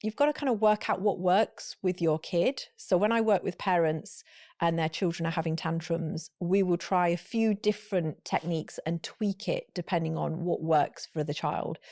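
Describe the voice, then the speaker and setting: A woman, a parenting coach explaining things calmly and with empathy on a podcast. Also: fairly low pitch, normal speed, no echo, studio quality. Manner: calm, empathetic, explanatory with restarts. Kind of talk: advice conversation on a podcast.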